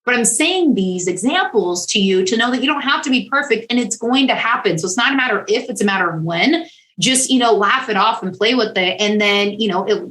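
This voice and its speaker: Woman, interview guest, on-camera coach, upbeat and encouraging, bright tone, echoey room. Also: medium pitch. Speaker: guest, on-camera confidence consultant. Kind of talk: casual interview chat.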